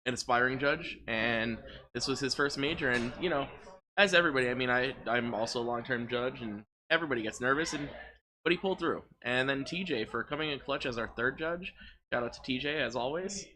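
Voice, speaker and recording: Guy casting a card game tourney, bright voice, tired and chatty, faint noise behind. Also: medium pitch, a little fast. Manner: relaxed, chatty, lots of filler words. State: tired, low energy. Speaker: tournament commentator. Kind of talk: casual live game commentary.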